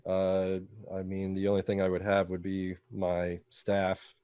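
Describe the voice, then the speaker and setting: A man plays a tabletop game, asking the game master questions in a hesitant, searching way. His voice sits low. The sound is dry and close. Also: completely flat delivery, unhurried, mellow, smooth, no room sound. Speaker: player.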